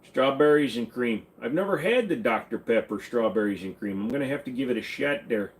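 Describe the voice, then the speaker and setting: A man from Minnesota runs a casual livestream, answering viewers' questions with offhand jokes. His pitch sits in the middle range, and he talks in a loose, unpolished way. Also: lively intonation, a little fast, rough recording. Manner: joking, offhand, drifts into silly accents. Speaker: livestream host answering chat.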